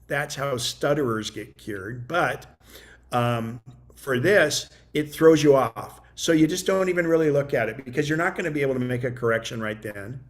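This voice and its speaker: A middle-aged man teaching a computer class, chatting casually and dictating punctuation aloud during a demo. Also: medium pitch. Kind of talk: demonstrating voice dictation.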